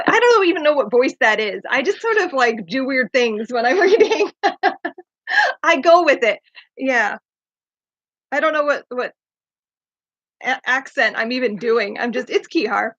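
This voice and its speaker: A woman's voice: high-pitched, expressive, measured pace, pauses often, a bit bright, no echo. A woman hosting a casual book discussion, chatty and eager, who laughs often. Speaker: podcast host. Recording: dull lo-fi dry sound.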